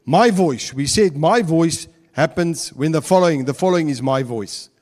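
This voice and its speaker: A man's voice: on the high side, animated, normal speed, a little mellow. A man with an Afrikaans South African accent preaching a chatty sermon, joking with the congregation and slipping between English and Afrikaans. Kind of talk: conversational sermon. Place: church hall. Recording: long church hall reverb.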